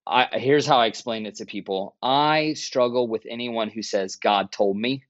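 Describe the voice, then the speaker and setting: A man's voice: mid-range voice, normal speed, dry recording. A man telling his story earnestly in a casual podcast interview, with plenty of restarts. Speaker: church planter guest. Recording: muffled, dry podcast audio.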